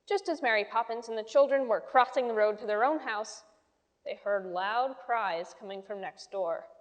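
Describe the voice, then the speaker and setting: A woman with a high voice reads a children's storybook aloud in an expressive, lilting way. Her narration carries a long reverb, as in a large hall. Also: moderate pace.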